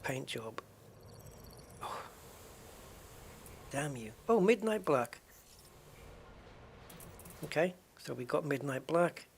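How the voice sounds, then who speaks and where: A man's voice: fairly high pitch, big pitch swings, takes it slowly, creaky, pauses often, slight background noise. A middle-aged man streaming a game, chatting casually with viewers, rambling and chuckling as he goes. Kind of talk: casual live-stream chat while playing.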